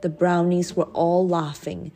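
A woman narrating a children's audiobook with a gentle, expressive reading. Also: on the low side, unhurried. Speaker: storyteller.

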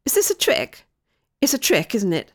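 A woman voicing an anxious young girl who is quick to suspect a trick and pleads when upset. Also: mid-range voice, sing-song. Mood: suspicious.

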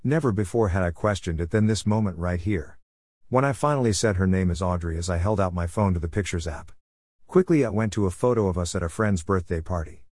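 Guy w a lowish voice telling his own story, wistful and reflective, super dry sound. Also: brisk, darkish tone, no echo. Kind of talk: first-person story narration.

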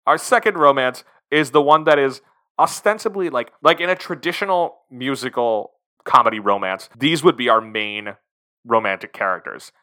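A male podcast co-host with a bright, forward voice, walking through a film's plot with wry asides and easy laughter. His pitch sits in a middle range. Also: normal speed. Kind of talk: casual movie-review chat.

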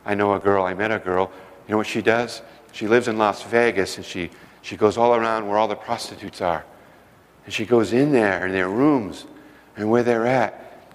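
A middle-aged man preaching a sermon with stories, shifting between loud emphasis and hushed, slowed phrases. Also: fairly low pitch, steady tone. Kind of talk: sermon storytelling. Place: church sanctuary. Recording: long reverb of a large hall.

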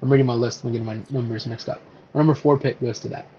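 A man co-hosting a casual podcast, chatting about movies in a loose, animated way. He laughs easily and swears offhand. The audio is a bit dull and lo-fi. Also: medium pitch, rapid-fire, slight background noise. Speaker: podcast co-host. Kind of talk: casual podcast chat about superhero films.

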